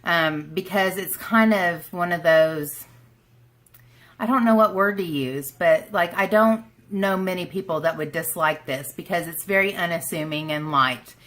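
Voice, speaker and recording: A woman's voice: fairly low pitch, measured pace, a bit bright. A woman with an Oklahoma accent chatting casually to her viewers, rambling and joking at her own expense. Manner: chatty, self-deprecating, rambling with asides. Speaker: beauty vlogger. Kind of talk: casual chat to camera.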